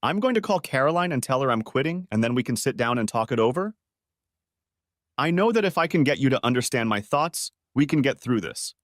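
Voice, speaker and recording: A man voicing a distraught, pleading middle-aged wife in an audio story, lifting his voice higher for her lines. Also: expressive, a little fast, no echo, clean studio sound, close to an everyday voice.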